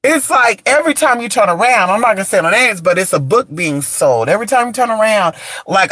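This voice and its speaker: A woman who does spiritual candle services, talking in a blunt, profane rant, her voice raspy from just waking up. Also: medium pitch, expressive, fairly quick, fairly bright tone, no room sound. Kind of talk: casual rant to camera.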